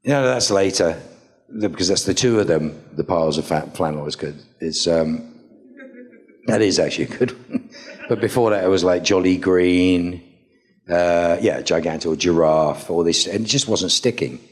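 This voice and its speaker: Low-voiced man telling playful panel stories. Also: moderate pace. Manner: animated, playful, acts out quotes with big pitch jumps. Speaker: actor on a convention panel. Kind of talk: anecdotal storytelling to a live audience.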